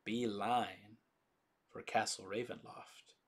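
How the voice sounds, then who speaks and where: A man narrating a tabletop game as game master, describing scenes in slow, descriptive detail. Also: lowish voice, steady tone, slightly rough.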